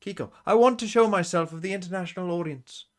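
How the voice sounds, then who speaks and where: A man's voice: high voice, fast, pitched above the performer's own voice, lightly acted. A man doing a mock British accent as an earnest young male pro gamer giving interview answers. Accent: put-on British.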